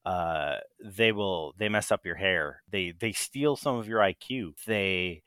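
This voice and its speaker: A man co-hosts a casual podcast from a hot, small bedroom with no fan, rambling through a desk microphone and joking at his own expense. His voice is low, slow, bright, and forceful, with a clean tone. The sound is clean and studio-like, with no room sound.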